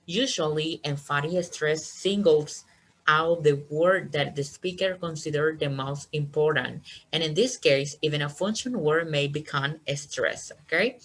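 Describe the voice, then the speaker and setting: A woman's voice: low-pitched, a little slow, low-quality recording. A woman teaching an online English class, encouraging her students and checking understanding with "okay?" after each point.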